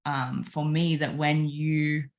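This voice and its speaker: A woman's voice: sits low, level tone, slow, dull audio. A woman talking earnestly and reflectively about relationships, repeating phrases for emphasis. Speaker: guest.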